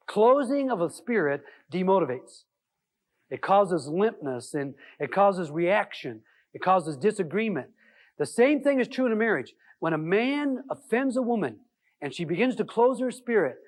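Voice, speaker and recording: A man giving a live relationship seminar, telling stories and acting out the dialogue in them, with many "uh" fillers. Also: high-pitched. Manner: storytelling, acting out quoted dialogue; conversational, with frequent "uh" fillers. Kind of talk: live seminar talk to an audience.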